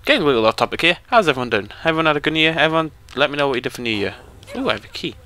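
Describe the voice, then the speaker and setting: A man's voice: a little high, lively intonation, racing, sharp tone. A young British man giving chatty, joking live commentary over a game he is playing. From Britain. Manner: chatty, joking, talks to the viewers. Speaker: let's play commentator.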